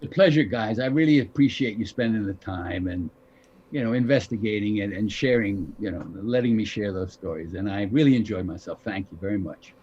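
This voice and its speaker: An older actor telling a story over a video call, animated, acting out the lines of the people in his story. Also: on the low side, a little fast, breathy edge, lo-fi sound. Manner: animated, acts out quoted dialogue. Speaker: guest actor. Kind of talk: anecdotal storytelling.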